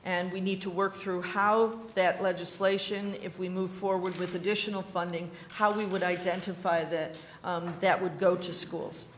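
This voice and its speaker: A woman from New York testifying as education commissioner at a legislative hearing, speaking in a measured, self-assured, explanatory way. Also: fairly low pitch, little pitch movement, a little hiss or hum. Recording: echoey hearing room.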